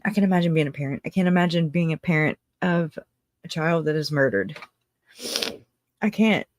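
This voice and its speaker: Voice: medium pitch, a little mellow, no echo, studio quality. Rambling livestream host, laughs a lot. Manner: rambling, emotional, breaks into laughter often. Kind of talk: casual livestream chat, reading out viewer comments.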